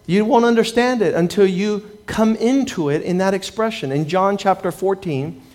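A pastor preaching in a notably high voice for a man. He tells his stories with life and puts on the voices of the people in them, moving between quiet asides and louder punchlines. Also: normal speed. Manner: storytelling, acting out the people he quotes. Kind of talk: sermon.

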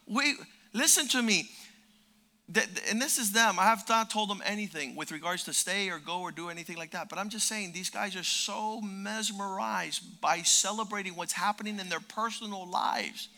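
An older man preaching a sermon as pastor, fervent and emphatic, repeating words and rising to shouted peaks. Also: high-pitched, normal speed.

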